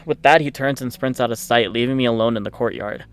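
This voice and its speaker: A man hosting a let's play, reading the story aloud and reacting with excitable, swearing commentary. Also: mid-range voice, fast, clear, resonant tone. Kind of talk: game commentary with read-aloud narration.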